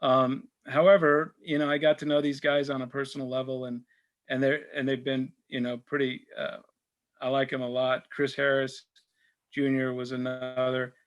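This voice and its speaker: A man's voice: medium pitch, little pitch movement, moderate pace. Man, middle-aged, casual storytelling, frequent fillers, restarts, acts out quotes. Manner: rambling, full of fillers and restarts; tells anecdotes, acts out quoted exchanges. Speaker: sportswriter speaking at a church supper. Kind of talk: casual talk and Q&A.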